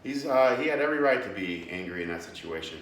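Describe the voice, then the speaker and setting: Man, very low voice, earnest devotional talk, echoey room, a little off-mic with faint background noise. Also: expressive, fast, distant mic. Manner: earnest, plain-spoken, with many fillers and restarts. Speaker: fitness and devotional host.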